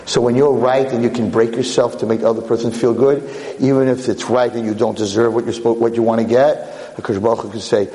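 A man, a rabbi, giving an animated and emotional sermon full of personal stories, often repeating himself when excited. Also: medium pitch, fast, few pauses. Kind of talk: sermon with storytelling. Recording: long hall reverb.

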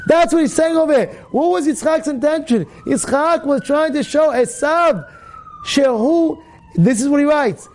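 A man's voice: extremely high pitch, measured pace, a little mellow. A man teaching a Torah class, impassioned and repetitive, acting out the voices in his stories. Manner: impassioned, repetitive, acts out dialogue. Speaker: rabbi giving a Torah class.

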